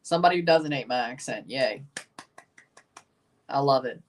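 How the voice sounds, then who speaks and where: A man's voice: mid-range voice, moderate pace, long pauses, distant mic. A man with a Southern accent streaming live match reactions, chatting with viewers and exclaiming at plays. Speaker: watchalong streamer.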